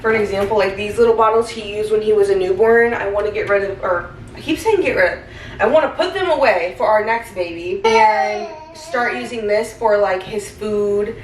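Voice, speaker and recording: A woman's voice: medium pitch, moderate pace, recorded from a distance. A young woman, a stay-at-home mom, talking candidly to her camera in a casual vlog, rambling and full of "like" fillers. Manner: rambling, candid, heavy use of "like". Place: home kitchen. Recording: roomy, off-mic, faint hiss.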